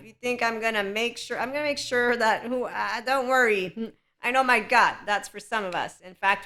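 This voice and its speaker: A woman hosting a podcast alone, talking in an animated, rambling way and laughing often. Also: mid-range voice. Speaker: podcast host. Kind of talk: solo podcast monologue.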